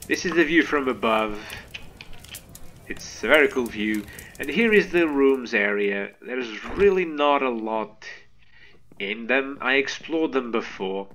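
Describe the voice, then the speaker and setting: A man hosting a gaming video, giving excitable, animated let's play commentary to his viewers. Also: medium pitch, a little slow, a little hiss or hum.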